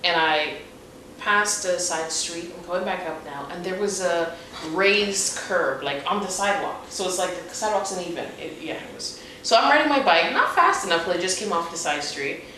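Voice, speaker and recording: A woman guest tells a story in a bouncing, animated voice, often breaking into laughs and acting out other people's lines. She sits away from the mic in a very echoey room with steady background noise. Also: on the low side, moderate pace, far from the mic. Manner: laughing, acts out quoted voices. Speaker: guest, coaching client.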